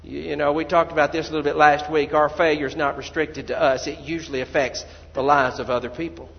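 A high-pitched man preaching a sermon to his congregation. He drops to quiet, low asides, then rises to loud, pleading cries. The sound is dull and muffled, with a long echo like a large church hall. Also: flat delivery, quick pace, gravelly. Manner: preaching with sudden loud cries when voicing people praying. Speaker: pastor.

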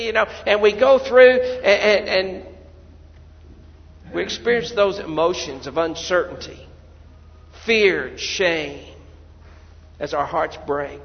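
A high-pitched man preaching a sermon to his congregation. He drops to quiet, low asides, then rises to loud, pleading cries. The sound is dull and muffled, with a long echo like a large church hall. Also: unhurried, creaky. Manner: preaching with sudden loud cries when voicing people praying. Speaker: pastor.

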